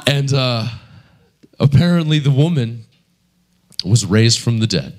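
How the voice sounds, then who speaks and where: A man's voice: mid-range voice, lively intonation, a little slow, pauses often, a little mellow. A man preaching a sermon in a conversational storytelling manner. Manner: conversational storytelling with many fillers.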